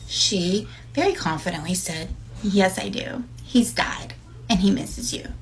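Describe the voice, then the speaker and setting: A mother telling a story in an expressive, animated way. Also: lowish voice, a little slow, slight background noise, low-quality recording. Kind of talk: casual storytelling.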